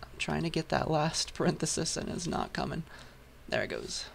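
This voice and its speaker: A man lecturing a programming class, patient and step by step while writing, his voice hoarse. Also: fairly high pitch, animated, moderate pace, a little hiss or hum. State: hoarse, losing voice. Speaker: university lecturer. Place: lecture hall.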